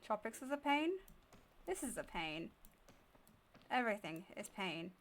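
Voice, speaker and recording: A woman's voice: mid-range voice, big pitch swings, unhurried, slight background noise. A woman streamer chatting to herself while she plays, curious and easily spooked. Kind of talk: live gameplay commentary. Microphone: desk microphone.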